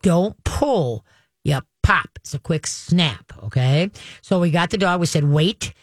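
On her call-in radio program, this dog trainer walks callers through practical steps cheerfully, often pausing on "okay." She speaks a little slowly in a lowish, expressive voice, and the studio recording is dry.

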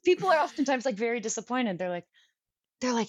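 A woman's voice: fairly high pitch, very animated, fast talker, no room sound, dull audio. A woman from California with a Californian accent, co-hosting a podcast in a chatty, self-deprecating way. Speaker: actress, podcast co-host. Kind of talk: casual podcast chat.

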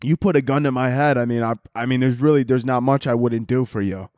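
A man's voice: mid-range voice, steady tone, quick pace, a little mellow, no room sound, studio quality. A man in his twenties hosting a podcast, ranting casually with lots of swearing and laughter. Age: 20s. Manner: profane, rambling, laughs often. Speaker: podcast host. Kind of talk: casual comedic rant.

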